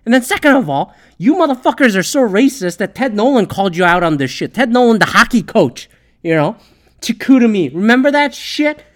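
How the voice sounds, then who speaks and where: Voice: mid-range voice, sing-song, fairly quick. A Canadian speaker ranting about politics, swearing constantly, rambling and sarcastic. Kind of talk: profane political rant.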